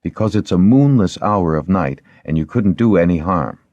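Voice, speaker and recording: A male reader voicing a young woman healer who speaks softly but firmly, with gentle reproach. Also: low voice, lively intonation, moderate pace, dry recording, muffled recording. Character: young woman healer, soft-spoken yet firm.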